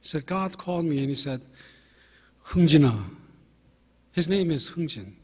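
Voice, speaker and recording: A man in his fifties, a pastor telling anecdotes in a relaxed sermon, with fillers and self-deprecating humor. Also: fairly high pitch, moderate pace, husky. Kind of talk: conversational sermon storytelling. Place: church sanctuary. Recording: long hall reverb from a church.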